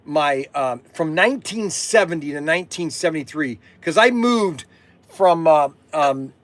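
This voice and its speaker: A man in his sixties from Ohio, hosting a rambling live stream for his toy shop, excitable and repeating himself. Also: fairly high pitch, measured pace, dry recording. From Ohio, USA. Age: 60s.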